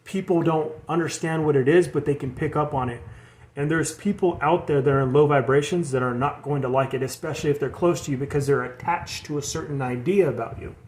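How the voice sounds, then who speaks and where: Slightly high-voiced rambling male tarot reader. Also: a little fast, darkish tone. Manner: rambling, repeats words and restarts. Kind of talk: casual spiritual talk to viewers.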